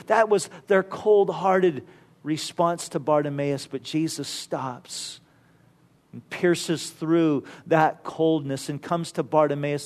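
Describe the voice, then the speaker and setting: High-voiced man preaching a sermon. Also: steady tone, takes it slowly. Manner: conversational storytelling with frequent "you know" asides.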